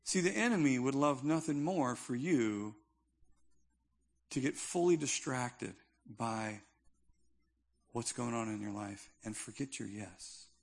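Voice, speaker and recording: A man's voice: medium pitch, lively intonation, takes it slowly, creaky, pauses often. A male pastor preaching a sermon in a conversational, emphatic style with touches of humor.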